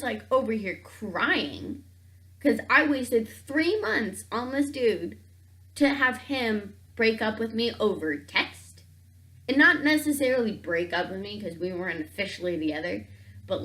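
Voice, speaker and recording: A woman's voice: a little high, unhurried. A young woman telling a dating story on her vlog, saying "like" constantly and acting out both sides of the conversation. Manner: animated, says "like" constantly, acts out both sides of the talk. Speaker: vlogger.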